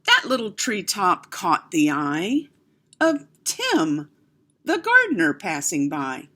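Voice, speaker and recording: A woman reading a children's picture book aloud, expressive, with chatty asides to her young listeners. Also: medium pitch. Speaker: storyteller.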